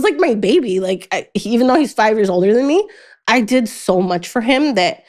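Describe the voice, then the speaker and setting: A young adult woman with a medium-pitched, darkish voice is a guest in a casual interview, chattily telling her life story. She laughs often, and her voice jumps up whenever she quotes others.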